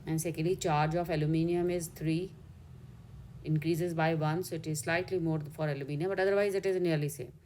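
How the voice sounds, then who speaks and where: Indian woman, chemistry tutor, low voice, methodical step-by-step explaining. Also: steady tone, brisk, darkish tone, slight background noise. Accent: Indian English. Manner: step-by-step explaining, corrects herself mid-way. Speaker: chemistry teacher. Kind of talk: exam solution walkthrough.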